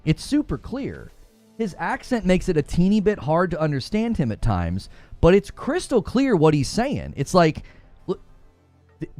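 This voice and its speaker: A man's voice: high voice, no echo. A man hosting a live gaming-news stream, talking emphatically, often stumbling and repeating himself, and reading chat questions aloud. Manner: emphatic, repetitive, stumbles over words.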